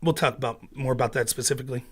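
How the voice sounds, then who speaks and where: A man's voice: medium pitch, fairly even intonation, rapid-fire, a bit bright, slightly rough. A man hosting a political commentary show, ranting in an angry, sarcastic and profane way.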